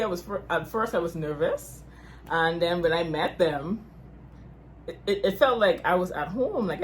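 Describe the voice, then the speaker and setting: A woman's voice: fairly low pitch, a little hiss or hum. A young Bahamian woman co-hosting a couples Q&A, chatting casually and laughing often. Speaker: YouTube couple co-host.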